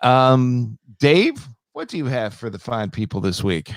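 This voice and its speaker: Podcast host dude, bouncy lively voice, laughs a lot, dry mic. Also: male voice, mid-range voice, a little slow, dry recording. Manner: laughing, loose, hesitant fillers. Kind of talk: casual podcast chat.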